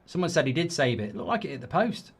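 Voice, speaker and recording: A man's voice: medium pitch, big pitch swings, quick pace, husky. Exasperated man ranting at a football match. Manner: exasperated, swearing, ranting at the game; reads viewer comments aloud. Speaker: host of a football watchalong. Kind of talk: live match reaction chat.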